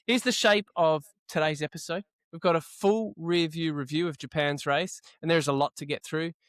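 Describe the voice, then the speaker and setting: A man hosts a casual podcast with a brisk, wry delivery. His voice is smooth and resonant, sitting a little high, and the sound is dry and close. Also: steady tone, fairly bright tone, no room sound. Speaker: podcast host. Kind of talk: casual chat.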